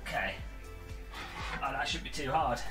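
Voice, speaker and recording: Lively, joking man streaming. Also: medium pitch, moderate pace, over music. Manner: joking, sweary, self-mocking, talks while setting up gear. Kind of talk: casual livestream chat.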